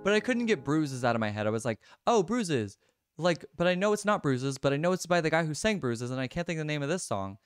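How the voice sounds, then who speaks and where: A man's voice: a little high, lively intonation, quick pace, hardly any pauses, clear, resonant tone, dry recording, clean studio sound. A young man livestreaming a music quiz, chatting casually, laughing often and answering viewers by name. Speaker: livestreamer and singer.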